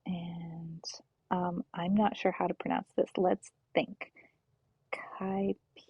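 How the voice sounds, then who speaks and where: A woman streaming a relaxed game, talking slowly and softly, often half-whispering as she goes. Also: on the low side, dry recording, phone-quality sound. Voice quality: gravelly, husky. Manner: slow, soft-spoken, often half-whispered. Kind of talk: relaxed gameplay commentary.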